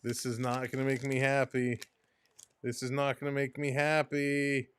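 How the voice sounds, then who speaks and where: Casual male streamer, exasperated and grumbling, smooth voice, close dry mic. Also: medium pitch, steady tone, unhurried, dry recording. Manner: frustrated, exasperated, talks to himself and chat. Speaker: live stream host. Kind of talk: casual live-stream chat.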